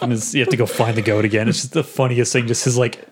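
A man chatting casually on a podcast about video games. He talks in a loose, rambling way and gets animated when he retells funny scenes. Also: mid-range voice, fast, hardly any pauses. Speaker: podcast co-host. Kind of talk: casual game chat.

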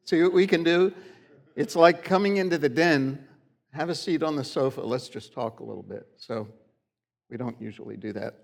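A man's voice: a little high, moderate pace, creaky. A middle-aged man preaching a sermon in a church, in a conversational, folksy storytelling way. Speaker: pastor. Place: church sanctuary.

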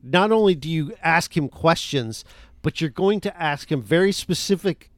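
A man chatting casually about a film, rambling and full of fillers. His voice sits a little high and sounds dry and close, with no room behind it. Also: animated, normal speed, dry recording. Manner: rambling, enthusiastic, many fillers. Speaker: podcast co-host.

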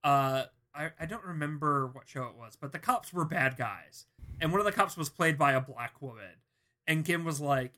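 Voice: medium pitch, animated, normal speed, sharp tone. A podcast co-host talking in a laid-back, chatty and wry way. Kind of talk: casual chat.

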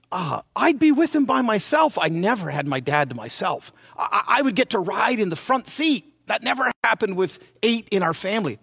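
An older male preacher in his sixties tells a personal story as a sermon, dramatic and animated. His voice is high and swings widely between hushed and loud. The recording is close and dry. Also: gravelly, no echo. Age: 60s.

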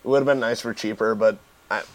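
A young man who is a guest on a casual podcast, talking quick-witted and teasing. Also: lowish voice, steady tone.

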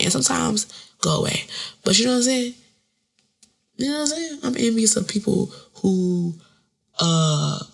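A woman hosts her own podcast and rambles on in a joking, profane way. Her voice is gravelly and a bit husky. Her pitch swings up and down a lot as she talks. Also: fairly bright tone. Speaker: podcast host. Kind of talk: casual solo podcast monologue.

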